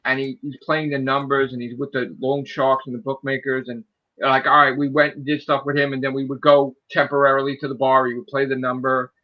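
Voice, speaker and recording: On lo-fi audio, a man in his forties with a mid-range voice swears his way through heated stories while co-hosting a podcast. The chat is casual, and he animates every tale.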